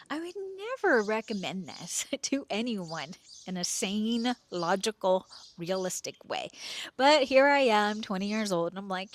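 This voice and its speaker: Woman, forties, podcast host, casual personal storytelling, animated with hushed asides, mid-pitched voice. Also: a little fast. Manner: animated, drops to hushed asides, quotes herself. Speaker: podcast host telling her own story.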